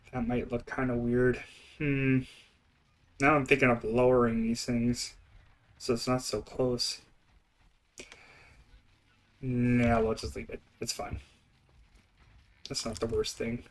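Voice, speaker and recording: A man's voice: mid-range voice, level tone, slow pace, pauses often. A young man with an Eastern Canadian accent, chatting and rambling while he streams a building game, often laughing. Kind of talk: casual gameplay commentary.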